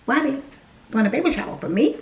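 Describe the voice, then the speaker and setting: Woman vlogger, lively storyteller, slightly high voice, roomy echo. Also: fast talker, creaky. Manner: animated, addresses viewers directly. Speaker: vlogger telling her own story. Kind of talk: casual storytelling to viewers. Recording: echoey room.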